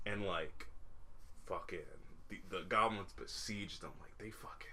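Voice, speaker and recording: A young man co-hosts a podcast in a casual chat, rambling along with lots of fillers, restarts, and swearing. His low voice has a sharp tone and moves a little slowly, with slight background noise.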